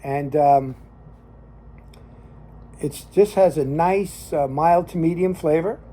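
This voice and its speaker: A man's voice: on the high side, takes it slowly, dark tone. Rambling older man with a Jersey accent. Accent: Northern New Jersey. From New Jersey. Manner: rambling, folksy, with frequent fillers and restarts. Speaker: cigar show host and lay minister. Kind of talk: casual storytelling monologue.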